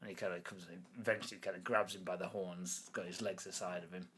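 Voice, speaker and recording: A man narrating as game master in a tabletop game, in a low, offhand way. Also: flat delivery, fast talker, few pauses, a bit bright, slightly rough.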